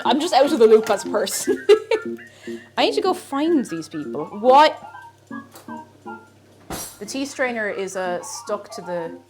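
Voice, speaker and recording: A woman with an Irish accent, chatting casually and laughing with her viewers as she cooks on a live stream. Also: mid-range voice. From Ireland. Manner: chatty, laughs often, thanks viewers by name.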